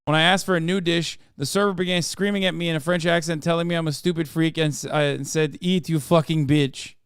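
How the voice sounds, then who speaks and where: A man hosting a livestream in casual chat, reading viewer posts aloud in an offhand, sarcastic way with loud outbursts. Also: fairly high pitch, steady tone, quick pace, clean tone, no room sound, studio quality. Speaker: livestream host.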